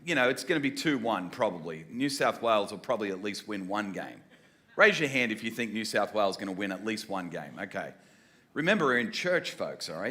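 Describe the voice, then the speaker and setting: Bright-voiced preacher, Australian-American accent. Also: male voice, lowish voice. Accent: Australian mixed with American. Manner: energetic, joking, talks directly to the room. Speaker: guest preacher. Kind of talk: lively sermon opening with crowd banter. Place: church service before a congregation.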